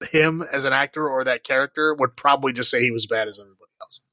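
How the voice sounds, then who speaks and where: A man's voice: medium pitch, quick pace, sharp tone, no echo. A man co-hosting a podcast, chatting casually about a movie in a rambling way, full of fillers and frequent laughs. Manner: rambling, many fillers, laughs while criticizing. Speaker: podcast co-host. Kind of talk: casual movie review chat.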